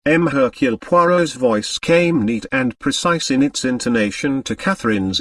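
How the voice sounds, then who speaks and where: Guy narrating an audiobook, lively pitch, dry sound a bit far from the mic. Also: normal speed, few pauses, no echo. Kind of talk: scripted narration. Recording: dry, slightly distant mic.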